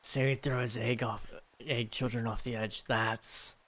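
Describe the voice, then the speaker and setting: A man's voice: mid-range voice, little pitch movement, measured pace, few pauses, a bit bright. A man casually chatting with his viewers on a live stream, rambling and joking with lots of fillers. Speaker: streamer reading chat.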